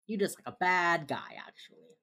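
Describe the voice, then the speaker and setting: A woman co-hosting a podcast, casually retelling a TV episode and filling her talk with "like". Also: normal speed. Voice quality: very low-pitched, relaxed storytelling with lots of "like". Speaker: podcast co-host recapping a TV episode. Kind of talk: casual chat.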